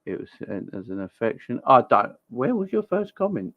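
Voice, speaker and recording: A man's voice: medium pitch, very animated, normal speed, dry recording, phone-quality sound. Chatty Cockney man hosting a live stream. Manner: chatty, repeats himself, greets viewers by name. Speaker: football live-stream host. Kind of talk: casual live-stream chat, reading viewer comments. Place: home, children in next room.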